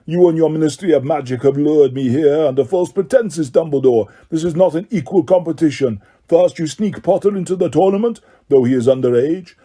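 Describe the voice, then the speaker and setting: A man's voice: on the high side, warm tone, voice pushed up, natural voice. A man voicing an agitated foreign male headmaster who rants with bitter accusations. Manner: indignant, ranting.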